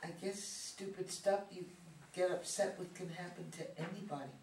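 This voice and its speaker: A woman's voice: on the low side, fairly even intonation, normal speed, a little mellow, natural voice. A woman reading the part of an awkward, self-conscious teenage girl in a reader's theater play, talking in an emotional, rambling way. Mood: gloomy. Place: community theater reading room. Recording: echoey room, mic far off, some hiss.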